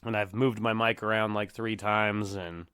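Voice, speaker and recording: A man's voice: fairly low pitch, little pitch movement, moderate pace, fairly bright tone, clean tone, no room sound, clean studio sound. A man in his thirties hosting a casual solo podcast, rambling and laughing often at himself. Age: 30s. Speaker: podcast host. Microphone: headset or desk mic.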